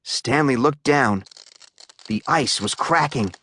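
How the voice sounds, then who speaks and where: A woman narrating a children's audiobook in a slow, expressive storytelling manner. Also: extremely low pitch, husky, no echo.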